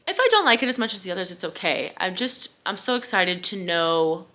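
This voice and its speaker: A woman's voice: medium pitch, very animated, a little fast, pushed and bright. A young woman chatting casually in a reading vlog, gushing and bubbly, with lots of "like" and "y'all". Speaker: book vlogger.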